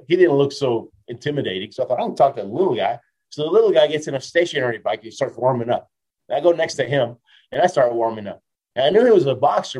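Man, fifties, motivational speaker, casual interview storytelling, lively, laughs a lot, mid-pitched voice. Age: 50s. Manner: lively, laughs often, tags lines with "right?".

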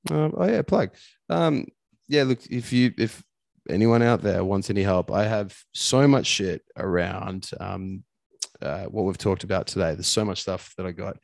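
A man's voice: deep voice, moderate pace, creaky, darkish tone, no echo. A man, a coach and podcast guest, talking earnestly and emphatically in casual conversation, swearing now and then.

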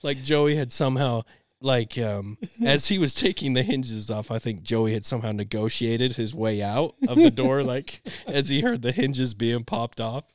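A young man co-hosting a podcast, telling a family story in an animated way and laughing often. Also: medium pitch, moderate pace, no echo, clean studio sound. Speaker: podcast co-host. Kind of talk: casual storytelling chat.

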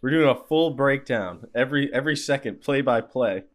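A young man co-hosting a podcast, chatting casually in a crude, joking way with quick restarts. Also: mid-range voice, expressive. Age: young adult. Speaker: podcast co-host. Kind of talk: casual chat.

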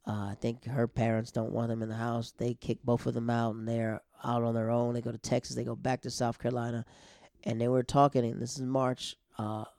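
Man, casual storyteller, gravelly and warm-toned, rambling delivery. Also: medium pitch, dry recording, clean studio sound. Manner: rambling, conversational, with frequent fillers and restarts.

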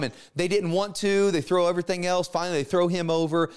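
A man teaching a Bible class in a casual, animated way, retelling stories with slangy asides and acted-out characters. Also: high-pitched, fast, few pauses, smooth.

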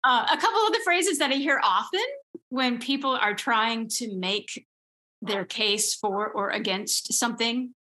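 A woman's voice: fairly high pitch, a little slow, bright, forceful tone. A woman, a composer and musician, talking earnestly as an interview guest and explaining her views with examples. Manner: earnest, explains with examples, occasional light laughs. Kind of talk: conversational interview.

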